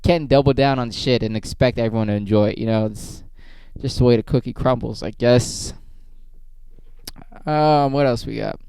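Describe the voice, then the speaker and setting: A man's voice: medium pitch, moderate pace, gravelly, warm tone, clean tone, no echo. A young man, a stand-up comedian, rambling in a casual, profane and self-mocking vlog monologue.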